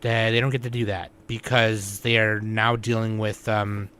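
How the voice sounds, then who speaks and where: A man's voice: lowish voice, flat delivery, normal speed, fairly bright tone, slight background noise. A man on a casual podcast, retelling scenes loosely with lots of swearing and acted-out quotes. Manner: loose, profane, acts out characters' lines. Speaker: podcast co-host.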